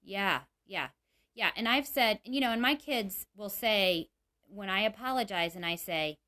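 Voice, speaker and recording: A woman's voice: mid-range voice, moderate pace, pushed and bright. A mother giving parenting advice in a casual, earnest talk, with lots of "you know" fillers.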